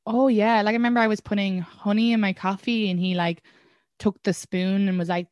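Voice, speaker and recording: A young Irish woman, a comedian guest, telling stories in a casual podcast chat with lively restarts. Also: mid-range voice, a little fast, no echo, clean studio sound. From Ireland. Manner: animated storytelling with frequent restarts and laughs.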